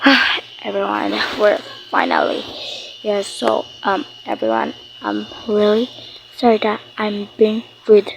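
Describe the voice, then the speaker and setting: A woman's voice: medium pitch, expressive, slow pace, gravelly, slight background noise, rough recording. A woman narrating a toy role-play game in a chatty way, talking to viewers with many fillers.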